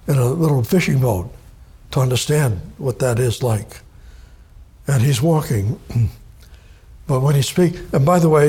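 Preacher, male, husky and fairly high-pitched, emphatic and repetitive delivery. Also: darkish tone. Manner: emphatic, repeats key words. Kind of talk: sermon, Bible study.

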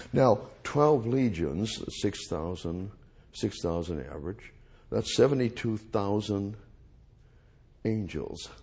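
A man's voice: low voice, vocal fry, a little mellow, slightly rough. A man teaching the Bible verse by verse, repeating phrases and restating each verse in plain everyday words.

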